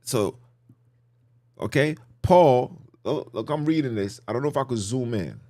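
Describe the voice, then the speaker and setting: Animated man preaching in casual talk. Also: medium pitch, unhurried. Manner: repetitive, emphatic, rhetorical questions. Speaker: podcast host teaching scripture.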